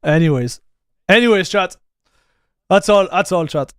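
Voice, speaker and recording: In a dry, studio-quality recording, a Frenchman with a French accent speaks in a high-pitched, animated, unhurried voice that's smooth and a bit bright. A laid-back tech streamer, he chats casually with his live-stream chat, reads it aloud and says "dude" a lot.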